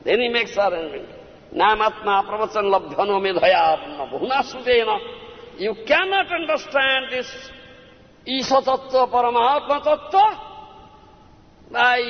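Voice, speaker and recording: A man, a spiritual teacher giving a devotional discourse, who keeps prompting his listeners with "Huh?" and "Understand?". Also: extremely high pitch. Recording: lo-fi recording in a reverberant hall.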